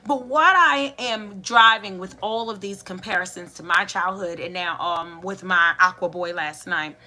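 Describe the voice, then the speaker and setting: Animated woman telling family stories. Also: fairly low pitch, unhurried, few pauses. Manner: animated, acts out family members' voices. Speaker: podcast host. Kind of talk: casual storytelling monologue.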